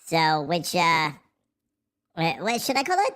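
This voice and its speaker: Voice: mid-range voice, animated, unhurried, pauses often, a bit bright. Goofy streamer in a silly put-on voice. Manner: profane, rambling, goofy. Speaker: livestream host. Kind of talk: casual livestream chat.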